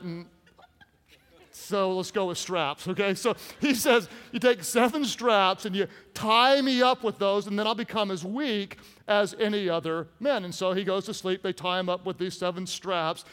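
A man preaching a sermon to a congregation, animated and jokey, acting out the story with voices. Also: high-pitched, normal speed. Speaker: pastor. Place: large church hall. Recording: hall reverb from large room.

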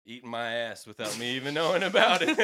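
A man co-hosts a loose, joking sports-betting podcast and tells stories full of cursing and laughter. His voice has a bright, forward edge, and he is at ease behind the mic. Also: high voice. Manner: profane, laughing storyteller. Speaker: podcast co-host. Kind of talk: casual podcast banter.

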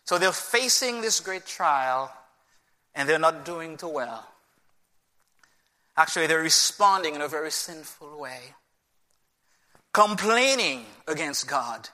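Male preacher, slow and deliberate, keeps asking the crowd questions, echoey hall. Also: a little high, lively intonation, pushed and bright. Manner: emphatic, asks the audience rhetorical questions. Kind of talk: sermon.

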